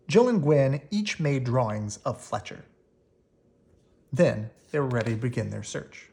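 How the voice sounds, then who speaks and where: A reader narrating a children's mystery book as a bedtime read-aloud, expressive and pausing to show pictures. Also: medium pitch, creaky.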